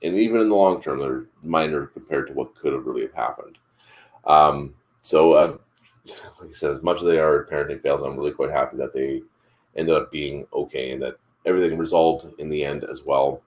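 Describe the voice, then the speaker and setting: A father hosting a live morning chat show tells a family story in a rumbling low voice at a brisk pace. He rambles casually, with lots of fillers and restarts.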